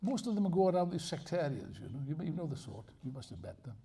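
A man's voice: a little high, sing-song, fast, vocal fry, mellow, slightly rough. An older man giving a live lecture to an audience, emphatic and digressive, with wry asides and jokes. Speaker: speaker at a political festival.

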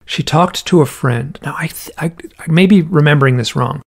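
A man's voice: a little high, normal speed, vocal fry, husky. A man, an interview guest, telling a story in a casual, rambling way with lots of "like" asides, acting out the voices of the people in it. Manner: acts out the quoted voices in the story.

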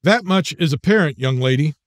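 A man voicing a polite but stern male highway patrolman, formal and clipped. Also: animated, a little fast, no room sound, clean studio sound, close to an everyday voice.

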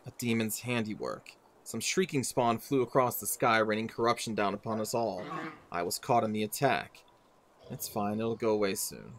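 A man's voice: fairly low pitch, moderate pace, a little hiss or hum, voice pushed down, lightly acted. A man reading the lines of a guarded, defiant female elf wanderer in a game, in a terse, wary way.

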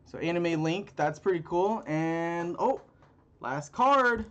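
A man's voice: on the high side, steady tone, unhurried, a little mellow, lo-fi sound. A man rambling through a casual card-opening video with crude jokes and lots of fillers, recorded on a phone. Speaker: channel host.

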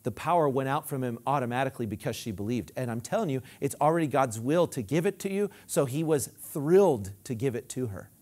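In this sermon, a male preacher keeps things animated and brisk with few pauses. He prompts call-and-response from the congregation and swings between thunderous declarations and low, quiet asides.

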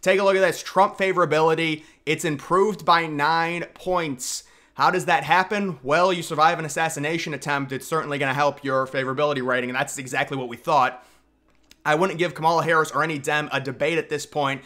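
Forceful young man ranting about politics. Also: on the high side, steady tone, brisk. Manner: emphatic and sarcastic, with frequent restarts. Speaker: political commentator. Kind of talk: opinionated political commentary.

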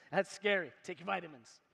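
Pastor guy preaching, high bright voice, big church echo, chatty and punchy with the crowd. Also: creaky, slightly rough. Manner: emphatic and conversational, asks the crowd questions, jokes. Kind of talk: sermon. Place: church hall. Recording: long hall reverb in a church.

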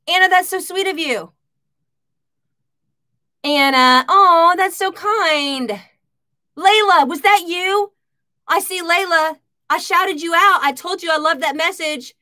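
A woman hosting a casual live stream from her home kitchen, chatting and shouting out viewers by name. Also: extremely high pitch, measured pace, pauses often.

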